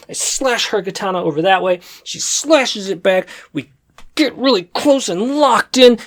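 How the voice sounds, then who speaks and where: A young man telling a comic story to camera, animated and jumping into loud sound effects. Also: high-pitched. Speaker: comedy vlogger. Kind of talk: comedic storytelling monologue to camera. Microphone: desk USB microphone.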